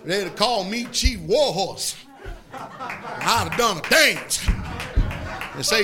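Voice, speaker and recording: A man preaching a fiery sermon in a folksy way, shouting and laughing as he swells up and drops back down. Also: sits high, very animated, slow pace, long pauses, music in the background.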